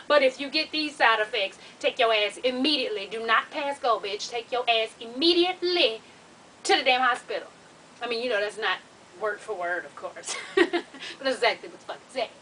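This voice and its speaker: Bright, high-voiced woman, profane storyteller. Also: far from the mic, slight background noise, low-quality recording. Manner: profane, animated, laughing storyteller. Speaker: vlogger. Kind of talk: casual storytelling vlog.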